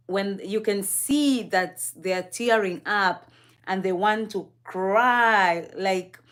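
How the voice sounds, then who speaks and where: A young woman from Kenya talks through a relaxed livestream with her co-host. Her voice sits at an ordinary middle pitch, and she sounds curious and easygoing. She laughs easily and keeps turning to the viewers in the chat. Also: slow pace.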